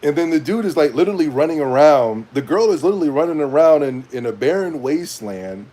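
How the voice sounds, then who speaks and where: A young man in a casual rant to camera as a gaming commentator, animated and rambling, with slang and frequent laughs. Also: fairly high pitch, quick pace.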